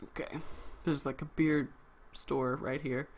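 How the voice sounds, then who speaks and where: A woman's voice: very deep voice, steady tone, slow pace, slight background noise. A woman game streamer reading game text aloud and reacting in a casual, giggly, wisecracking way.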